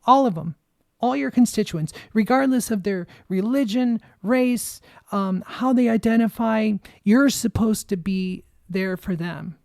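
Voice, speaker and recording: A young woman rants on her podcast in an impassioned political monologue, angry and emphatic and quick to curse. Her voice is dark and gravelly, with a shake of anger running through it, and the recording is close and dry. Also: medium pitch, no room sound. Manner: angry, emphatic, swears freely. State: shaking with anger. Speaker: podcast host.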